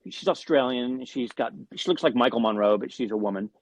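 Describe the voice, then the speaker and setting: A man's voice: medium pitch, fairly quick, no echo. Guy telling a crazy band story, lots of swearing and restarts, dry close mic. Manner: animated anecdotes with swearing and restarts. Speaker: guest musician. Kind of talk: storytelling in an interview.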